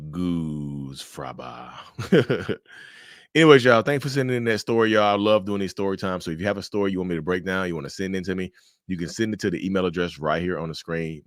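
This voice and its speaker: A man's voice: sits low, fairly even intonation, a little fast, no room sound, studio quality. A man, giving casual, emphatic commentary on a viewer's story with lots of rhetorical questions. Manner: emphatic, rhetorical questions, says y'all often.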